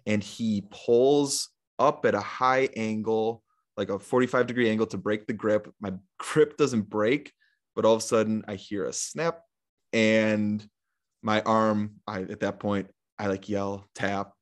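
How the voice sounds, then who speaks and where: A young man talking casually as a podcast guest, telling a long story in a relaxed, rambling way full of fillers and retold quotes. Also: lowish voice, measured pace.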